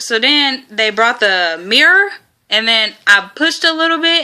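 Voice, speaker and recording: A woman's voice: a little high, animated, normal speed, pushed and bright, clear, resonant tone. A young woman vlogger telling a rambling story in a casual, chatty way, with lots of fillers and frequent laughter.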